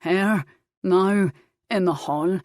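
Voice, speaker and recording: A gruff border laird growls out commands and teases his wife, as a woman reads him in an audiobook. The voice sits low and dry, close to the mic. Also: very slow, dry recording. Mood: teasing. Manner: gruff and commanding, then teasing. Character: lusty Scottish border laird, a grown man, teasing.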